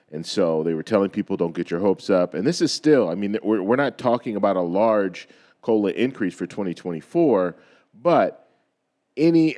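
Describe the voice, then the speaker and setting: A low-voiced man hosts a finance channel and talks casually straight to his viewers. His voice is going, so it sounds a little worn. He repeats himself and keeps checking in with "okay?". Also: darkish tone. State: losing his voice. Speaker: host of a finance video channel. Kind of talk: casual explainer talk to camera.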